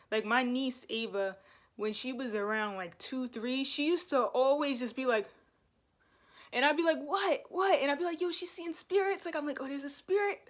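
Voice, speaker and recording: A young woman vlogging to camera in a loose, rambling way, full of fillers. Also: medium pitch. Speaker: spiritual vlogger. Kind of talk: casual talk to camera.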